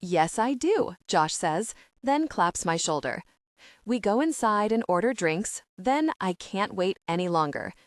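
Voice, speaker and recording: A woman narrating a first-person romance audiobook with an expressive, upbeat delivery. Her pitch moves a lot while sitting in a middle range. The recording is dry and close with no room sound. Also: measured pace, no room sound.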